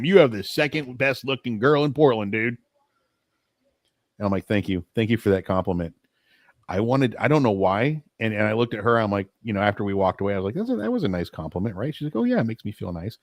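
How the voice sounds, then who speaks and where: A man's voice: low-pitched, darkish tone, no room sound, clean studio sound. A man co-hosting a casual late-night podcast, telling stories in a blunt, profane way. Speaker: podcast co-host.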